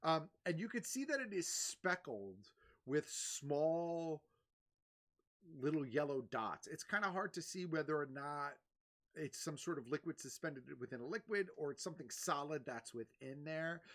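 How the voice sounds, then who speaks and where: A woman's voice: deep voice, big pitch swings, measured pace. A young woman narrating as game master for a tabletop game, descriptive and a bit hesitant.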